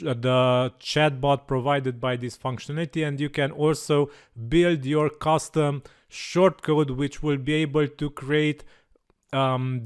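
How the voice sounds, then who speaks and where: A man hosting a software tutorial, explaining step by step with frequent fillers. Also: fairly high pitch, clean tone. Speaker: tutorial channel host.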